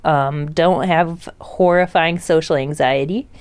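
A woman's voice: low voice, takes it slowly, clean tone. A woman co-hosting a podcast in casual chat, blunt and profane, telling stories with animation. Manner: blunt, swears freely, animated storytelling. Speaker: podcast co-host.

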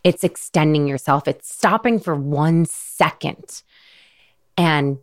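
Speaking slowly in a low-pitched voice, this podcast host, a woman in her thirties, tells an emotional story. She's casual and earnest, quoting a lot of dialogue along the way.

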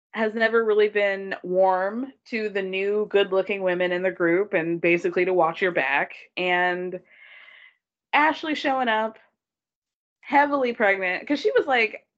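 A woman's voice: mid-range voice, dull audio. A woman co-hosting a casual chat, recapping a show and acting out quotes with lots of laughter. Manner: animated, quotes people in put-on voices, laughs often. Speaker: podcast co-host recapping a reality show.

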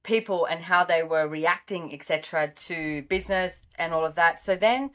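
A middle-aged Australian woman, a guest author, telling animated stories and acting out the dialogue. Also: normal speed. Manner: lively, acts out quoted dialogue with pitch jumps. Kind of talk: animated storytelling in interview.

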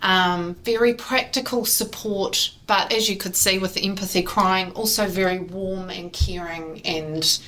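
A woman's voice: mid-range voice, fairly even intonation, unhurried, few pauses, bright, forceful tone, rough recording. A woman with a New Zealand accent, a recruitment business co-owner speaking earnestly in a casual interview. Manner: earnest, chiming in over her partner.

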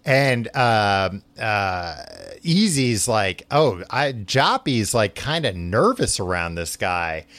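A man's voice: fairly low pitch, big pitch swings, slow pace, hardly any pauses, a bit bright, dry recording. Rambling man hosting a book podcast. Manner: rambling, full of likes and restarts. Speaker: podcast host. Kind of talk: casual chat retelling a book.

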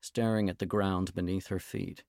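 A man narrating a novel in the first person, with a measured, gentle storytelling manner and a gravelly voice. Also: deep voice, fairly even intonation, no echo, studio quality. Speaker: audiobook narrator.

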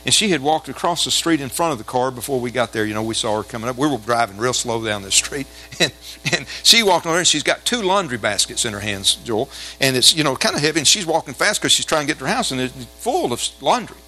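Male pastor, rapid delivery, tense bright tone, folksy animated storyteller in church. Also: mid-range voice, rough recording. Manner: animated, folksy storytelling that builds to shouted exhortation. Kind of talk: storytelling sermon with call-and-response.

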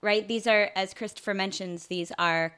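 A young woman talking through a film in casual podcast chat. She rambles loosely, leaning on filler words as she thinks aloud, at an easy middle pitch. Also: steady tone, normal speed, bright, forceful tone, clean tone. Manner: chatty, many "like" fillers, quotes song lyrics. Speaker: podcast co-host.

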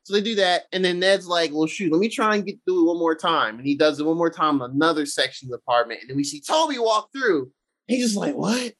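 An excitable man in casual conversation, voice sitting a little high for a man. He rambles through his points with plenty of fillers, jumping into quick impressions of characters as he retells scenes. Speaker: podcast co-host. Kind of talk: casual movie discussion.

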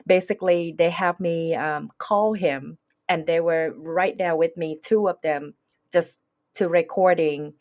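Woman w/ an accent, fairly low voice, earnest, acts out the back and forth as she tells it. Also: steady tone, a little slow, a little mellow. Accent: non-native English. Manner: earnest, acts out quoted dialogue. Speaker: guest. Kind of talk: personal storytelling in conversation.

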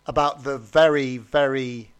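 A man on a football podcast panel, full of teasing banter and animated jabs at the host. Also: mid-range voice, a little slow, clear, resonant tone. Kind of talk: casual football podcast chat.

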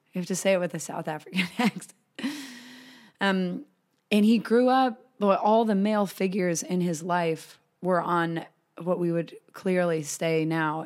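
A woman hosts her podcast in a loose, chatty way, swearing freely as she goes. Her voice sits on the low side for a woman. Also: darkish tone. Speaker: podcast host. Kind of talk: casual podcast intro and chat.

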